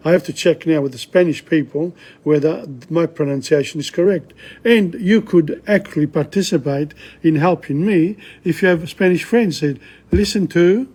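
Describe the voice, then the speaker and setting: A man's voice: fairly high pitch, dark tone, slightly rough. An older man giving a casual, rambling language lesson at home, often correcting himself as he goes. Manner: rambling, self-correcting, slow and chatty. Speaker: language teacher.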